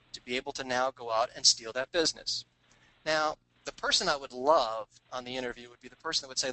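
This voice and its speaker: A man tells business war stories in an animated, confiding way, slipping into put-on voices to act out phone calls. His voice is bright and forceful. The recording is dry, with no room sound. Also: mid-range voice, no echo, rough recording. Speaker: author talking about his sales book. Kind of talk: storytelling business talk.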